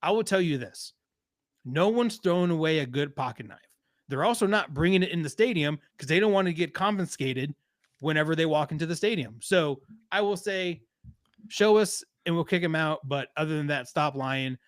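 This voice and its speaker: A man's voice: a little high, normal speed, no echo, clean studio sound. A man from Texas, co-hosting a podcast and ranting in a casual, profane, joking way about sports. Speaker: podcast co-host.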